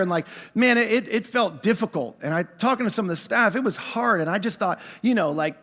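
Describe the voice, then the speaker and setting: High-voiced animated pastor in a reverberant hall. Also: male voice. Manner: animated, self-mocking storytelling with quick shifts to quiet reflection. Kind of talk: sermon storytelling. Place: large church auditorium.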